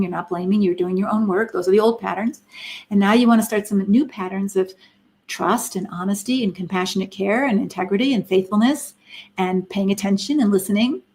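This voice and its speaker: Woman, middle-aged, live-stream teaching talk, earnest, emphatic, rhetorical questions, middle pitch. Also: darkish tone. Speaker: Christian counselor and speaker.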